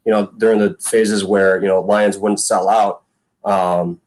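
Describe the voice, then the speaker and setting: A man's voice: lowish voice, little pitch movement, a little slow, darkish tone, slight background noise. A man in his thirties, a former punter guesting on a podcast, telling stories in a rambling way full of fillers and quoted lines. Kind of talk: casual storytelling chat.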